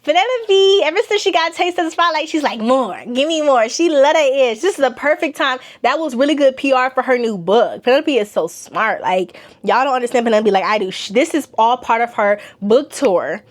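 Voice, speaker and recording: Chatty young woman with a high voice. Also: a little fast, hardly any pauses. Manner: animated, slangy, laughs often. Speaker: vlogger reviewing a TV series. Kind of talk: casual chat.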